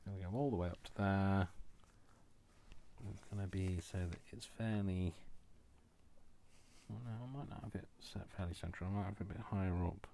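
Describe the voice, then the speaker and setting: Deep-voiced man rambling through a craft tutorial. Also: fairly even intonation, normal speed, gravelly, pauses often, warm tone, a little hiss or hum. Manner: rambling, self-mocking, chuckles to himself. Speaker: crafting video host. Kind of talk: casual crafting tutorial talk. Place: room at home.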